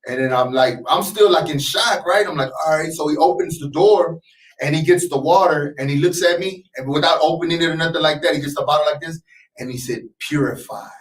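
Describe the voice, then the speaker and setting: Guy telling a story on a radio show, higher voice, kinda echoey and far from the mic. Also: brisk. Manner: animated, acts out voices in his stories. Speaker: interview guest, clothing designer.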